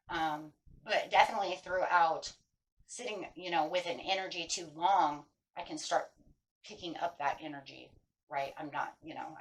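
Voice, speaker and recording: Earnest woman tarot reader, lowish voice. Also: poor audio. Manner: keeps checking in with "right?"; earnest, emphatic, repeats key phrases. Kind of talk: casual spiritual advice talk.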